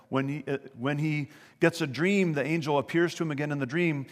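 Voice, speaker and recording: In a big-sounding room, a pastor gives an animated, conversational sermon, stopping to ask his listeners questions. He talks briskly in a slightly high voice.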